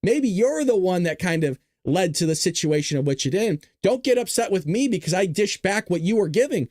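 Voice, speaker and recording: A man's voice: high voice, animated, fairly quick, a little mellow, no room sound, clean studio sound. A male show host giving blunt, scornful political commentary, reacting to clips.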